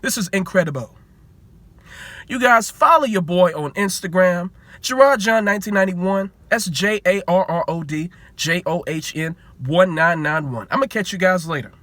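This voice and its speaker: A man's voice: high-pitched, moderate pace, sharp tone, no room sound. A man in his twenties, a sports vlogger, ranting in heated commentary with repeated rhetorical questions and free swearing.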